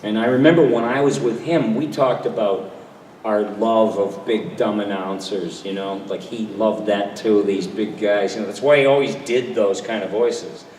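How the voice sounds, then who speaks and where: An older man, a voice actor on a convention panel, telling animated anecdotes and slipping into quoted voices. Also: fairly low pitch, normal speed, a little hiss or hum. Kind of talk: storytelling at a fan panel. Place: large convention hall. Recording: echoey convention hall mic from a distance.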